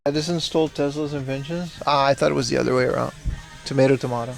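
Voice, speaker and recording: Gravelly and quick, this male livestream host talks at medium pitch with little variation as he wanders a retro game shop. He chats casually with viewers and reads their messages out loud while soft music plays behind him.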